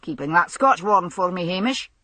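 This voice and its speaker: Sardonic male detective, read by a woman narrator; low and husky, audiobook. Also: lively intonation, moderate pace, bright, forceful tone, dry recording. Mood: wry. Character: wry male detective colleague, fond of whisky.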